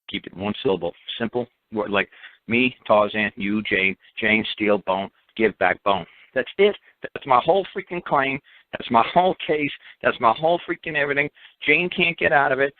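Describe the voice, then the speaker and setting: A call-in radio host with a medium-pitched voice comes through dry phone-line audio without echo. He talks bluntly and forcefully, repeating himself and adding jeering asides.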